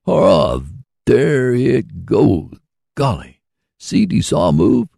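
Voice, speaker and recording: A man's voice: low-pitched, big pitch swings, unhurried, vocal fry, mellow, slightly rough, no room sound, clean studio sound, full character voice. A man voicing a folksy, earnest older man who runs a mule-powered sawmill, in a storybook reading. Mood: delighted.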